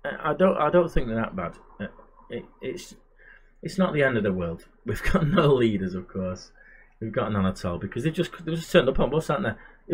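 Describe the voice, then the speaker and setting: A man's voice: medium pitch, sing-song, moderate pace, a little hiss or hum. A man giving casual, chatty commentary while playing a management game, muttering asides to himself. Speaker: gamer and channel host.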